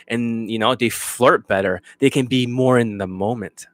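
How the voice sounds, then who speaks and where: A male dating coach in full rant, blunt and cutting, swearing freely. His voice sits at an ordinary pitch. The sound is dry and close. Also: normal speed, no echo. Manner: profane, blunt, mocking.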